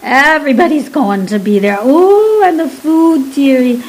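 Lady doing a chatty maid, high and bouncy, drops all her h's. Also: expressive, measured pace, rough recording. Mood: gossipy. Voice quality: dropped h's, broad working-class speech. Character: cockney maid Lucy, gossipy and excitable.

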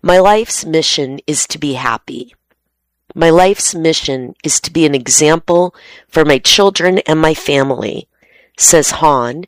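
A woman with a low voice reads magazine articles aloud for a radio reading service. She takes her time and keeps an even pace. The studio sound is close and dry. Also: dry recording. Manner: steady, unhurried reading voice.

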